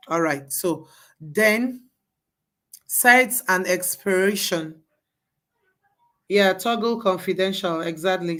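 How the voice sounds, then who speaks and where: A woman's voice: medium pitch, a bit bright. A woman leading a live class, walking students through each step and repeating herself to coax them along. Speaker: bootcamp instructor.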